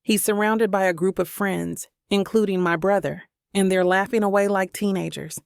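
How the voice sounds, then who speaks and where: A woman narrating a first-person romance audiobook in an even, steady reading voice. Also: medium pitch, normal speed, gravelly, smooth, no echo, clean studio sound.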